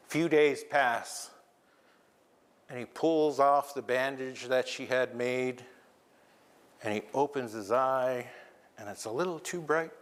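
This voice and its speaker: A man telling a traditional tale to a live audience in a lively, engaging way, with asides to the listeners. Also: medium pitch, slow, pauses often, big-room sound. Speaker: traditional storyteller. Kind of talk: oral storytelling to a live audience. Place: lecture hall.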